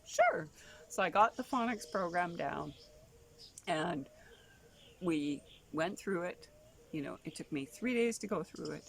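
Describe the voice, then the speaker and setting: A woman, a homeschooling mother, telling stories in a rambling casual way with lots of asides. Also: a little hiss or hum. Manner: chatty, rambling, full of "you know" asides; acts out quoted voices with big pitch jumps. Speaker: homeschooling mother and travel vlogger. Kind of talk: casual storytelling monologue.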